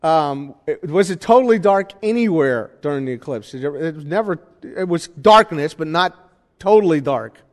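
A man's voice: a little high, expressive, moderate pace. A man preaching a sermon in a church, talking conversationally and asking the congregation questions. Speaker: pastor. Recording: reverberant hall.

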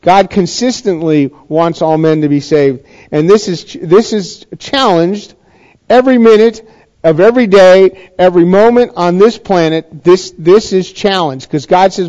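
A man's voice: sits high, measured pace, darkish tone, lo-fi sound. A middle-aged man preaching a sermon in a conversational way, often asking the congregation questions. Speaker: pastor.

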